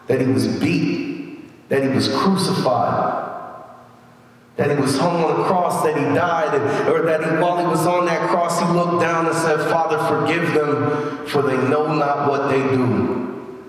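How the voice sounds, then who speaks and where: Man preaching in an echoey hall. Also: fairly high pitch. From United States. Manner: preaching with many repeated words and fillers. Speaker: pastor. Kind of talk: sermon. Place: large church hall. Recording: echoey church hall from far off.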